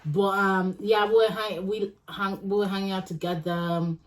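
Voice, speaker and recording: A woman's voice: mid-range voice, steady tone, normal speed, distant mic. A young woman in her twenties in a casual chat with friends, sounding tired and swearing freely as she talks. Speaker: guest friend.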